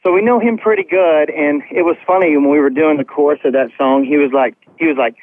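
A man's voice: a little high, quick pace. A male musician calling in by phone for a radio interview from outside a tour bus at a concert, upbeat and rambling. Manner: upbeat, rambling, lots of "um" and "man". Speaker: musician guest. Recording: tinny phone line.

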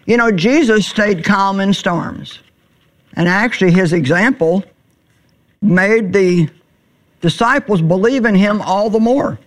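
A middle-aged woman teaching the Bible in a sermon, earnest and plainspoken, slowing down on words she wants to stress. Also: mid-range voice. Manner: earnest, plainspoken, slows for emphasis.

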